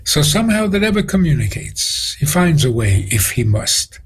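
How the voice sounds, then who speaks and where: A man's voice: a little high, big pitch swings, moderate pace, slight background noise, low-quality recording. A rabbi, a man, tells stories with quoted dialogue as a guest on a radio interview. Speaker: rabbi answering questions as a guest.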